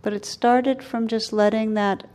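A woman giving a dharma talk as a meditation teacher, speaking gently and reflectively with soft, slow pauses. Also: on the high side, steady tone.

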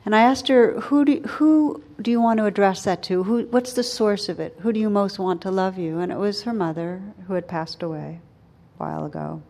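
A woman speaking as a meditation teacher in a dharma talk. Her voice sits at a middle pitch. She talks gently and reflectively, letting her words slow and soften into quiet pauses.

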